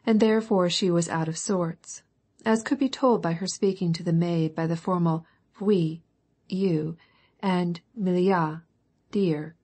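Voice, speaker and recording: A woman narrating a classic novel audiobook in a measured, even reading. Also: on the low side, husky. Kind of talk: scripted narration.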